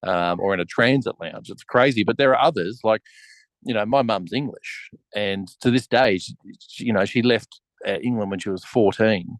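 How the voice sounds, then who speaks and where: Wry man, low dry voice. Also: normal speed, dry recording, poor audio. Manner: wry, mock-serious questioning. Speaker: podcast host. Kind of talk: casual chat. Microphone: remote call.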